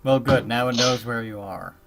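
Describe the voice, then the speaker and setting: A man's voice: medium pitch, steady tone, moderate pace, a bit bright, soft background music. A man acting as game master for a tabletop game over voice chat, teasing the players and stumbling over restarts. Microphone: computer mic on voice chat.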